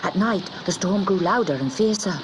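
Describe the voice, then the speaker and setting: Expressive woman reading a children's story. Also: mid-range voice, moderate pace, noisy background.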